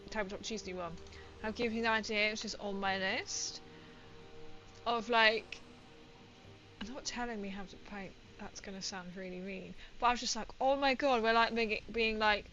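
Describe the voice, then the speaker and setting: Gaming on a livestream, a woman chats and rambles casually, laughing a lot and reading out comments from viewers. Her mid-range voice keeps a fairly even intonation at a moderate pace, and the lo-fi recording has a noisy background.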